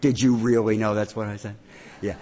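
Pastor preaching in an echoing church. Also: male voice, on the low side, flat delivery, brisk, mellow. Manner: teacherly, repeats phrases for emphasis. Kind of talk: sermon. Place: church sanctuary.

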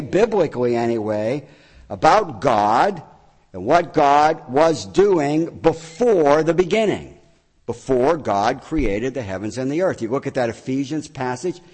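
A man's voice: on the high side, long reverb tail. A man preaching a sermon from the pulpit, teacherly, repeating phrases to stress a point. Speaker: pastor. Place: church sanctuary.

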